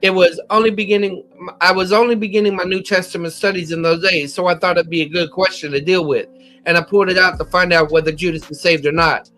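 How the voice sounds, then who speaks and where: A man's voice: high voice, fairly even intonation, quick pace, bright, forceful tone, soft background music. An American man teaching a methodical Bible lesson, citing chapter and verse with occasional slips. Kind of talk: scripture lesson.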